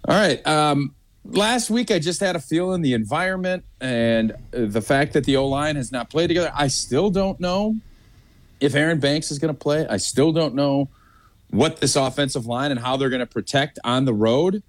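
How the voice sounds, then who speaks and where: A man's voice: fairly high pitch, normal speed, dry recording. A man co-hosting a sports talk show, giving opinionated game predictions in casual chat. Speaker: sports radio co-host.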